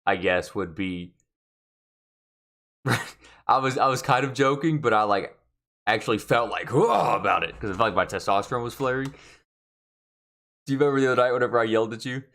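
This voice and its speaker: A man's voice: medium pitch, fairly quick, pauses often, a bit bright. A man in a casual podcast chat. He is laid-back and hesitant and fills his talk with "like".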